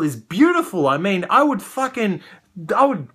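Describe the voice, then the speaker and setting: A man's voice: fairly high pitch, huge pitch swings, unhurried, noisy background. An Australian man hosting a toy review vlog, ranting with profanity and exasperation.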